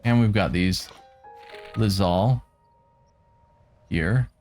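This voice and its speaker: A man giving relaxed let's-play commentary, making wry asides and talking to the enemies on screen. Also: on the low side, drawn-out words, soft background music. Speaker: game streamer.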